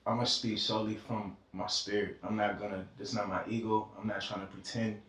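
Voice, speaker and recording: A man's voice: on the low side, little pitch movement, fairly quick, a bit bright, a little hiss or hum. Fervent man, echoey and far from the mic. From Georgia, US. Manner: fervent, preachy, swears freely. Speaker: podcast guest. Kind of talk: casual heart-to-heart conversation. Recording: echoey room, distant mic.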